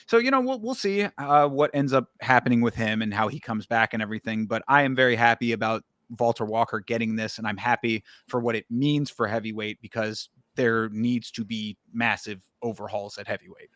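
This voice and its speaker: A man's voice: mid-range voice, a little fast, few pauses, a bit bright, no room sound, clean studio sound. A man co-hosting a show, giving fight analysis in casual chat, hedging often with "you know" and "I mean". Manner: hedging, many fillers and restarts. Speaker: podcast co-host.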